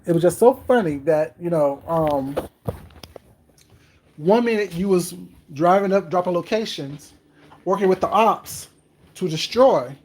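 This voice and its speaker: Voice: medium pitch, animated, unhurried, pauses often, a little mellow, a little hiss or hum. A chatty livestream host talks casually to viewers from a home kitchen while something bakes. The delivery is wry and ironic, with viewers greeted by name along the way.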